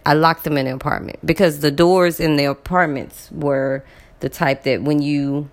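A woman telling a personal story to her viewers in a casual, animated way, repeating words for emphasis. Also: low-pitched, moderate pace. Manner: addresses viewers directly.

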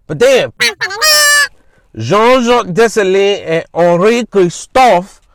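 A man's voice: fairly high pitch, no echo. A man hosting a podcast, telling history in a casual, slangy, conversational way. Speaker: podcast host. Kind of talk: informal history storytelling.

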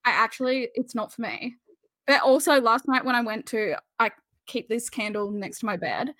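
Woman, podcast co-host, chatty and self-deprecating, a bit high-pitched, dry close mic. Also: moderate pace, fairly bright tone, no echo. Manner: chatty, self-mocking, rambling. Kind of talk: casual chat.

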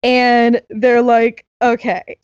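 A young woman telling a story in casual chat, animated and laughing, acting out what others said. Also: on the high side, drawn-out words, clear, resonant tone, dry recording, dull audio. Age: young adult.

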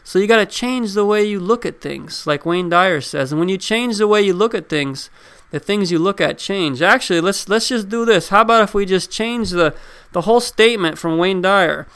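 A man with a high, smooth, resonant voice gives a casual motivational talk. He speaks in a loose, conversational way, asks his listeners questions and repeats key words to hammer his points home. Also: moderate pace, a bit bright. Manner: addresses listeners directly with questions. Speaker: self-help speaker.

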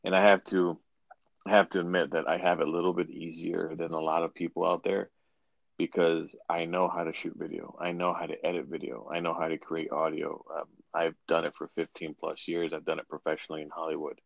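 A man's voice: low-pitched, little pitch movement, a little fast, vocal fry, no echo, lo-fi sound. A man hosting a casual podcast chat, rambling with frequent restarts. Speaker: podcast host.

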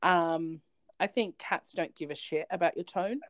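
A woman's voice: on the low side, a little slow, no room sound, poor audio. A woman co-hosting a podcast in casual chat, telling stories animatedly and laughing often. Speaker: podcast co-host.

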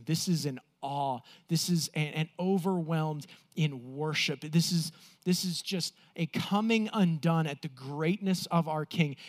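A man preaching a sermon as pastor, earnest, slowing down for emphasis and acting out the quotes he reads. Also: on the high side.

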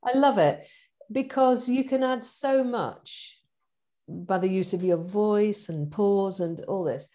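A middle-aged woman in casual conversation, chatty and animated, laughing often as she talks about her events. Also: mid-range voice, slow pace. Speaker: event organizer and guest.

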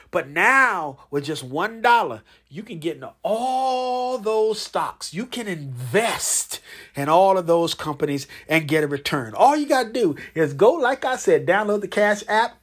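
A man hosting a solo podcast, his voice leaping up and down in a lively, sing-song way. He talks straight to his listeners like a playful pitchman, mixing casual asides with excited pushes. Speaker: podcast host.

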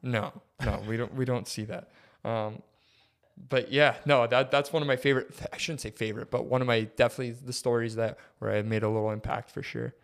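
A man's voice: fairly quick, creaky. A young man co-hosting a podcast, telling a story casually and acting out quotes with big jumps in his voice. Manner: animated, acts out quotes with big pitch jumps. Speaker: podcast co-host.

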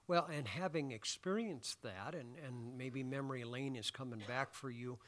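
A man's voice: mid-range voice, moderate pace. A man preaching a sermon in a church sanctuary, talking conversationally and asking the congregation questions between many fillers. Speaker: pastor.

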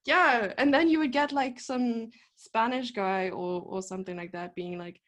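A woman's voice: fairly high pitch, measured pace. A young woman with a South African accent, a chess coach chatting casually as a podcast guest, rambling and laughing often. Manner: giggly, rambling, self-deprecating.

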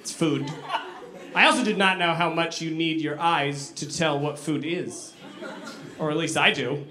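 Stand-up comic, male, high and animated, echoey club with laughter behind. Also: a little slow. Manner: animated, acts out voices in his stories. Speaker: stand-up comedian. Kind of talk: stand-up comedy set. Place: comedy club with a live audience. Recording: echoey room, live audience laughter.

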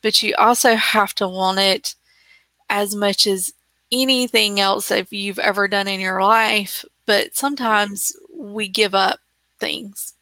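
A woman host talking unhurriedly, with a bright, forward voice. She reflects as she speaks. The recording is dry and close. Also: medium pitch, fairly even intonation, slow pace, no echo. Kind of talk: conversational chat.

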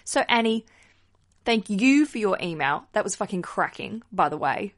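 A young woman talks through her wedding podcast in a loose, conversational way. She is upbeat and enthusiastic, sometimes dropping a casual swear word. Her voice sits at an ordinary middle pitch. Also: lively intonation, normal speed.

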